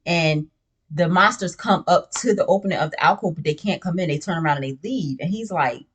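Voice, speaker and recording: A woman with a somewhat low voice gives a loose, conversational recap of a TV series. Her talk is slangy and full of "you know what I'm saying". She sips a drink between points. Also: brisk, slightly rough. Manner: sips a drink while talking. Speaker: TV show recap host. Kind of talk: casual spoiler recap.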